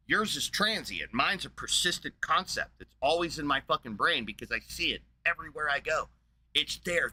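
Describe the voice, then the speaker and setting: A man's voice: medium pitch, pushed and bright. A man streaming a casual, profane rant in a blunt, combative way.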